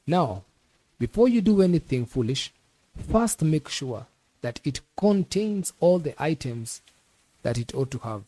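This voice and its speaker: A man's voice: a little high, sing-song, unhurried, dark tone, no echo. A man reading an audiobook voices an impatient, commanding educated Nigerian man giving orders over the phone. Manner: impatient and bossy.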